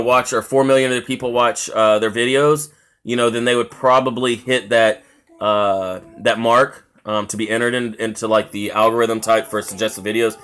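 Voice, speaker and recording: A man's voice: mid-range voice, a bit bright, clear, resonant tone. A man with a drawl hosts a casual live stream from his home. He rambles through his points with plenty of filler words, stopping often to greet viewers and answer their comments. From South Carolina. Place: home, with family noise around.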